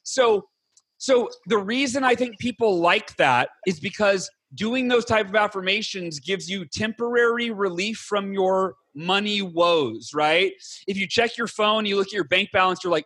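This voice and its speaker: Male guest, energetic explainer, high bright voice. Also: husky, no echo. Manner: enthusiastic, rapid, animated with mock voices. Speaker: podcast guest, author. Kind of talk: energetic interview talk.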